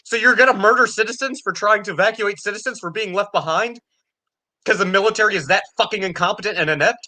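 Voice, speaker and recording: A man's voice: high voice, fast, sharp tone. A man ranting angrily and sarcastically about politics, swearing constantly. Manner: angry, profane, sarcastic ranting. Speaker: podcast co-host.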